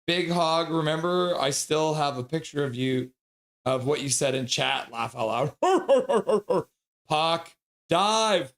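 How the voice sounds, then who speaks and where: Excitable man calling a game live. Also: a little high, takes it slowly. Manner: excitable, cries out at big plays; coos in baby talk at his dog. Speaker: livestream host calling the game. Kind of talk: live fan play-by-play.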